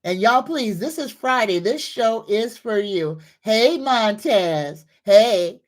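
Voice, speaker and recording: A woman's voice: on the high side, expressive. A woman hosting a psychic livestream, greeting viewers, reading comments and leading affirmations. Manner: greets viewers warmly, leads slow repeated affirmations.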